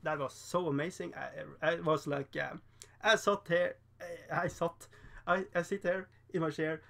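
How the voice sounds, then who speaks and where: A man's voice: a little high, fairly even intonation, moderate pace, creaky, sharp tone. A man casually chatting on a painting livestream, rambling, laughing often and reading the chat aloud. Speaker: streamer painting miniatures.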